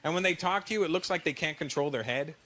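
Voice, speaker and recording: A man with a Canadian accent doing a brash, animated stand-up comedy routine on stage. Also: fairly high pitch, fast talker. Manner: brash, animated, mock-confidential. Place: stage before a live audience. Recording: loud noisy live stage recording.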